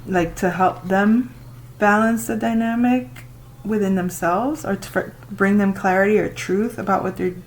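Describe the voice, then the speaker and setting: A woman doing a casual tarot reading, talking to the listener and reacting out loud with exclamations as she turns the cards. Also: medium pitch, steady tone, normal speed, slight background noise, low-quality recording. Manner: chatty, exclaims and laughs while reading cards. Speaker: tarot reader.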